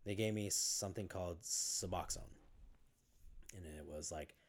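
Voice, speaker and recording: A low-pitched male guest on a podcast tells his personal story during a laid-back interview. His speech is halting and full of fillers and restarts, with some casual cursing mixed in.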